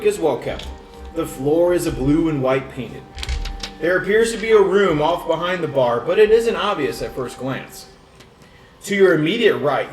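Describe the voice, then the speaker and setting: Man narrating a tabletop game. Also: a little high. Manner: descriptive, halting narration. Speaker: dungeon master. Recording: echoey room, distant mic, faint music.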